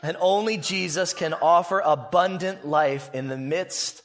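A man preaching a sermon, swinging from loud, rising appeals to soft, hushed lines. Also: on the high side, measured pace, soft background music. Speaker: pastor.

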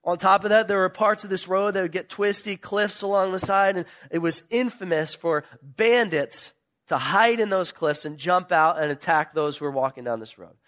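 Animated male preacher, slightly high voice. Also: normal speed. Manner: animated storytelling, emphatic questions. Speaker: pastor. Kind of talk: sermon.

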